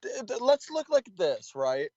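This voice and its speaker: Halting man on a dull, dry line. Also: high voice, very animated, warm tone, dry recording. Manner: halting, many fillers and restarts. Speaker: caller. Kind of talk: hesitant debate call.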